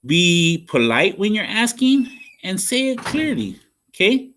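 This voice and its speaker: A man with a slightly high-pitched voice teaches young children as a school counselor. He talks in a patient, sing-song way and keeps checking in with a quick "okay?". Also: sing-song, a bit bright, a little hiss or hum. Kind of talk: classroom lesson for young children.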